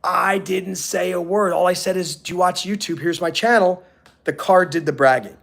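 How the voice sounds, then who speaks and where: A middle-aged man on a motivational live stream, telling animated stories and acting out the people he quotes. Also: high-pitched, moderate pace, creaky.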